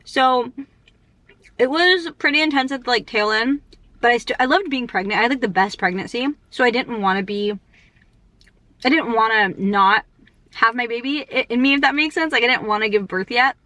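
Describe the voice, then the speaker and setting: A young woman vlogger chatting casually and rambling, full of fillers, talking fast because she is in a rush. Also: on the high side, pushed and bright, no echo. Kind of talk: casual chat.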